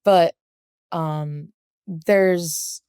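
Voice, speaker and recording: A woman from South Jersey talks as a podcast guest and explains things earnestly and at length. Her voice sits a little low and sounds smooth and clean. The recording is close and dry. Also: fairly even intonation, extremely slow, mellow, dry recording. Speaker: guest athlete. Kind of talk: casual interview chat.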